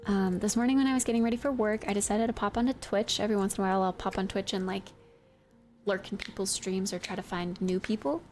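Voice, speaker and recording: A woman's voice: medium pitch, fairly even intonation, quick pace, a little mellow, soft background music. Chatty, giggly woman streamer. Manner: chatty and giggly, with many fillers. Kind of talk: casual chat while 3D modeling.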